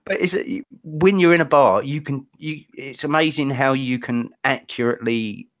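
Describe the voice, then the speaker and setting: A man's voice: mid-range voice, normal speed. A blunt, opinionated man with an English accent, chatting casually on a podcast. His voice sits mid-range. The recording is dry and close, with no echo.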